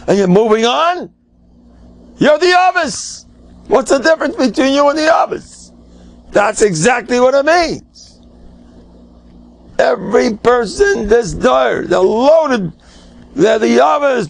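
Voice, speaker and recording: A man's voice: extremely high pitch, creaky, no echo. An older man, a rabbi giving an informal Torah class, emphatic and joking, mixing in Yiddish and Hebrew words. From United States.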